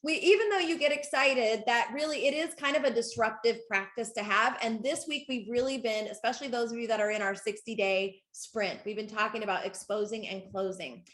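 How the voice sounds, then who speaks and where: Woman host of a coaching call, excitable and chatty, slightly high voice, echoey room. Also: a little fast, hardly any pauses. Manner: excitable, laughing, talks to the audience directly. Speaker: network marketing coach. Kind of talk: live group coaching call.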